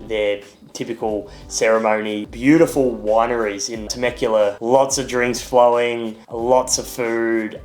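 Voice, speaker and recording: A man's voice: lowish voice, darkish tone. A young Australian man narrating a casual travel vlog, chatty and upbeat with playful asides. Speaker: vlogger and podcast host.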